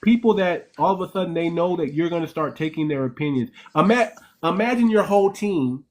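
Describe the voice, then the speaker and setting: A man hosts a commentary monologue in a slightly raised, lively register. He lectures emphatically and repeats and restarts phrases as he builds each point. He keeps checking in with short tag questions. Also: on the high side, brisk. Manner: explains in a lecturing tone, asks "right?" and "okay?". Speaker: host.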